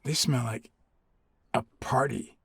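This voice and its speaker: An actor voicing a world-weary male cat private detective in a noir game, with husky dry understatement. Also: medium pitch, steady tone, takes it slowly, fairly bright tone, full character voice.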